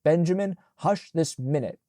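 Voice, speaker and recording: Man doing a sickly complaining mother, whiny, plaintive, raised pitch. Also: normal speed, dark tone, dry recording, clean studio sound, lightly acted. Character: sickly, self-pitying mother, whining and complaining.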